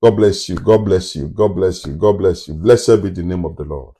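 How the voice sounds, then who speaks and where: A man's voice: deep voice, moderate pace, dark tone, breathy edge. A man preaching a sermon, emphatic and fond of repeated rhetorical questions.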